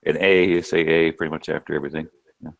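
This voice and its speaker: A man's voice: very deep voice, level tone, fast talker, gravelly, slight background noise, low-quality recording. A man on an online panel, talking in an easygoing, agreeable way. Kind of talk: casual group chat.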